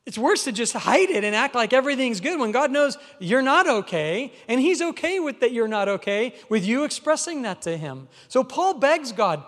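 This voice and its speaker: A man's voice: extremely high pitch, big pitch swings, moderate pace, few pauses. A man preaching a sermon as pastor, in an emphatic, conversational way. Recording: long hall reverb.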